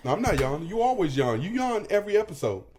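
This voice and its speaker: Man cohosting a podcast from home, swearing and cracking up, voice jumps all over, kinda high. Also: quick pace, a little hiss or hum. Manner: animated, profane, laughing often. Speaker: podcast co-host. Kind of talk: casual chat.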